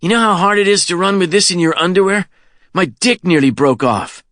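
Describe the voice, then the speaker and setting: A man's voice: high voice, brisk, fairly bright tone, no room sound, studio quality, pitched above the performer's own voice. A man voicing a brash, foul-mouthed teenage boy in an audiobook, talking with crude, boastful bravado. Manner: cocky, crude, breathless bravado. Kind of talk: audiobook character voice.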